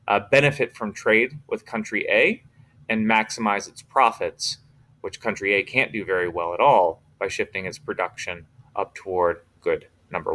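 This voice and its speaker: A man's voice: fairly low pitch, bright, forceful tone. A male teacher giving a casual recorded lecture, explaining informally with fillers.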